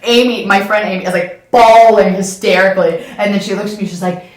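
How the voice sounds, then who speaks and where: A woman's voice: medium pitch, fairly even intonation, brisk, echoey room. A woman hosting a podcast, chatting casually with her sister and telling an embarrassing story, often laughing as she goes. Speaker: podcast host.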